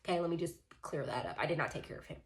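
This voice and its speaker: Woman telling a storytime, rambly and animated, acts out what people said. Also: low voice, rapid-fire. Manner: rambling, animated retelling with acted-out quotes. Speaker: vlogger. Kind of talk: casual storytime.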